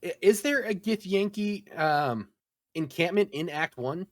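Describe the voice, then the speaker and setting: A man's voice: high-pitched, expressive, unhurried, dry recording, clean studio sound. A man co-hosting a gaming podcast, reacting and joking in casual chat. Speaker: podcast co-host.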